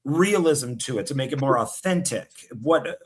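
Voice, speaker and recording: A man's voice: medium pitch, lively intonation, normal speed, crowd noise. A man interviewing a filmmaker, laughing often and asking loose, rambling questions. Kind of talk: casual interview chat.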